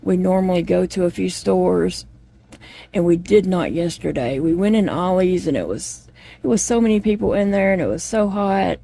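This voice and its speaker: A woman's voice: lowish voice, moderate pace, creaky, mellow. A woman chatting casually to viewers while she crochets at home, rambling from one thought to the next. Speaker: vlogger.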